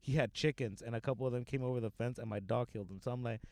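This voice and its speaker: A man's voice: medium pitch, racing, a little mellow, no room sound, studio quality. A young man from Southern California telling a rambling, profanity-laced story in casual chat, full of fillers like "like" and "you know.".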